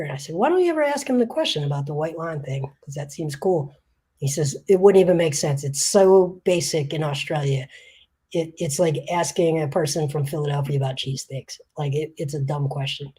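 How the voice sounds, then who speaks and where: A woman telling a funny story in casual, animated podcast chat. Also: sits low, breathy edge.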